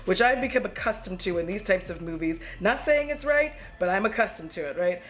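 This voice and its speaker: A woman in her thirties giving a casual, chatty movie review at home, animated and quick to laugh and swear. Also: mid-range voice, faint music behind.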